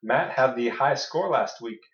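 A man co-hosting a podcast, chatting casually about fantasy football with dry, deadpan teasing. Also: mid-range voice, measured pace. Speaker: podcast co-host. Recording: echoey room, dull lo-fi sound.

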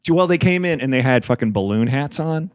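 A man, a comedian, chatting casually in a hotel room in a relaxed way. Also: mid-range voice, brisk. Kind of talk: casual chat.

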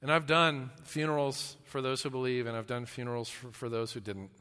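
A man preaching a sermon as a pastor, earnest, often restarting his words and swinging between loud emphasis and hushed, slow lines. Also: mid-range voice, fairly even intonation, clear, resonant tone. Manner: earnest, with repeated restarts and stammers. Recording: long hall reverb.

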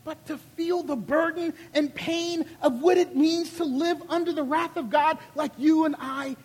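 Preaching in a large hall, this Charleston, South Carolina man delivers his sermon unhurriedly, in a high voice with a Southern accent. His style is lively and down-to-earth, like someone spinning a story.

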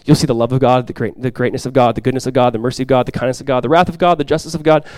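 A male pastor preaching a sermon to his congregation, swinging from loud, impassioned lines to quiet, soft ones. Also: mid-range voice, fairly even intonation, very fast, no room sound. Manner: impassioned preaching, swells loud for quoted cries then drops soft. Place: church sanctuary before a congregation.

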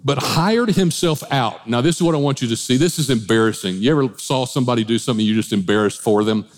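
A man preaching as a pastor, animated, with changing pace, asides and humor. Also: mid-range voice, racing. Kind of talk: sermon.

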